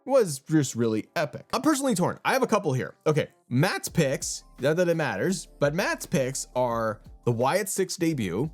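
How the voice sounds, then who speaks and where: A man's voice: a little high, very animated, moderate pace, few pauses, faint music behind. A young man hosting a wrestling channel, talking in a casual, rambling way with lots of restarts. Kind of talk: casual commentary.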